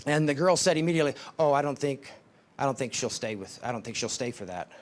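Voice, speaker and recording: A man giving a devotional talk at a ministry summit, telling stories and acting out the people in them, slowing down for emphasis. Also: medium pitch, expressive. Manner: storytelling, acts out quoted voices, slows for emphasis.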